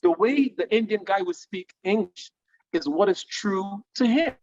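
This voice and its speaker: Animated man, dull lo-fi audio. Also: sits high, measured pace. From Nigeria. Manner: animated, explains through analogies, keeps checking with "right?". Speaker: guest singer giving career advice. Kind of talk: conversational interview.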